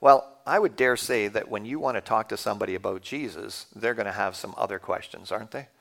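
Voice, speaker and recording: A man in his fifties with a Canadian accent gives a sermon in an easy, conversational way. He talks with the audience and puts questions to them. His voice sits a little low. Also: a little fast, creaky, a bit bright. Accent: Canadian English. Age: 50s. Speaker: guest speaker.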